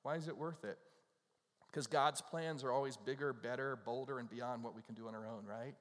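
A man's voice: mid-range voice, moderate pace. Man preaching in a reverberant hall. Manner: emphatic, repetitive, tag questions to the congregation. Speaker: pastor. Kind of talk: sermon.

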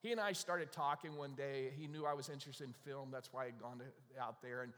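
A man's voice: medium pitch, fairly even intonation, fairly quick, fairly bright tone. A middle-aged man from North Carolina preaching a conversational sermon, asking the congregation questions and acting out quoted asides. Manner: chatty, asks the congregation questions, acts out little quoted asides. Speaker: pastor. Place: church sanctuary. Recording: long reverb of a church hall.

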